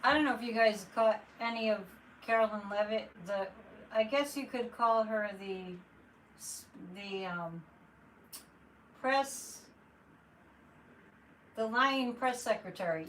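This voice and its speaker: A woman talks loosely to her live-stream viewers in a slightly raised, bright and forceful voice, tossing out exasperated asides. She sits some way back from the microphone. A faint hum of room noise lies underneath. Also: on the high side, unhurried, long pauses, distant mic, rough recording. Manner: chatty, exasperated asides, reads viewer comments aloud. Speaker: psychic livestream host. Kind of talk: casual live-stream chat.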